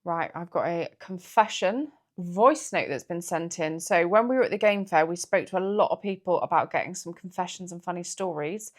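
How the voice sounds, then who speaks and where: A woman's voice: on the low side, normal speed, hardly any pauses. A woman co-hosting a podcast in easygoing casual chat who introduces listener voice notes. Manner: easygoing, repetitive chatter. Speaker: podcast co-host.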